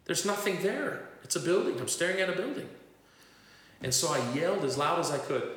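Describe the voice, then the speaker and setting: Fairly high-pitched, expressive and slightly bright, a man moves at a fairly quick pace through his testimony sermon. He acts out the voices of the people in his story, recorded in an echoey hall.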